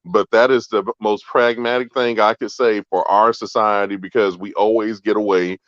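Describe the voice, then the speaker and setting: A man with a low voice calls in to a talk show and tells a story in an earnest, practical way. His phrases come back again and again as he makes his point. The line sounds dull and lo-fi, with no room echo at all. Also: steady tone, normal speed, a bit bright. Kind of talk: casual storytelling discussion.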